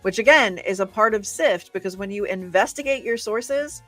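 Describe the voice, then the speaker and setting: A woman co-hosting a live library research show, giving quick, friendly reminders and asides in a casual way. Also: mid-range voice, a bit bright, faint music behind. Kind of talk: casual live instructional chat.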